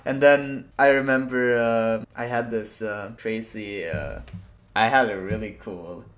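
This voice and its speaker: Speaking a little slowly in a lowish, fairly even and somewhat bright voice, this young podcast co-host shares laughing, profanity-laced stories and replays his own past reactions. It's a casual conversation recorded in a room with noticeable echo.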